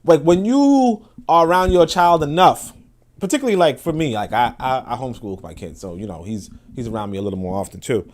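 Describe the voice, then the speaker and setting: A man's voice: medium pitch, lively intonation, fairly quick, darkish tone. A man hosting a live stream, rambling in casual commentary with lots of fillers and swearing.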